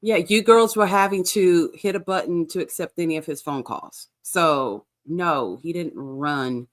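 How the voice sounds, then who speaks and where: A woman co-hosting a casual chat, blunt and quick to agree, with a lot of murmured "mm-hmm"s. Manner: blunt, frequent agreeing murmurs, lively pitch. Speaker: podcast co-host.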